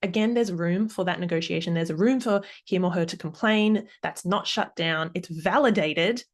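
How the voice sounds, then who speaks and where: Woman in her 30s, solo podcast host, upbeat and animated. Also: lowish voice, moderate pace. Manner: upbeat, laughs often, acts out examples. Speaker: podcast host and parenting coach.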